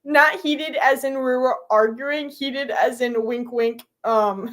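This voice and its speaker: A woman's voice: high-pitched, slow pace. A young woman streaming live, chatting casually with her viewers, giggly and full of fillers.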